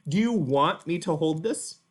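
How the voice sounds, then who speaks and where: Patient guy teaching kids with a puppet, husky voice that bounces around a lot. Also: a little high, animated, measured pace. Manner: patient, encouraging, clearly spoken. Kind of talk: speech lesson for children.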